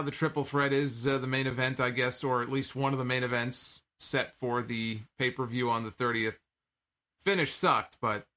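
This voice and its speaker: A man's voice: mid-range voice, pushed and bright. A man casually recapping a wrestling show, chatty and sarcastic, swearing now and then. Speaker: wrestling podcast host.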